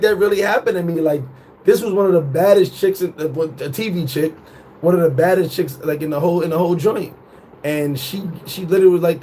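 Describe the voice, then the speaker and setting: A man in his thirties tells a story in a relaxed, unscripted vlog, animated and swearing freely as he slips into voices for the people he describes. His voice sits a little high for a man. Faint noise hangs behind him. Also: poor audio. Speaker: vlogger. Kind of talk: casual storytelling.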